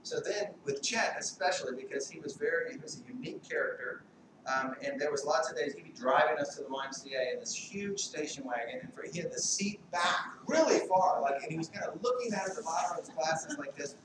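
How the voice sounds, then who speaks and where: Middle-aged man, eulogy, halting and meandering with gentle humor; mid pitch; echoey room, far from mic. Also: lively intonation. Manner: halting, rambling, light humor, many fillers. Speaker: eulogist, family friend. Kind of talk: memorial speech. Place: large hall at a memorial service. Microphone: distant mic. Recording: echoey hall, distant mic, background noise.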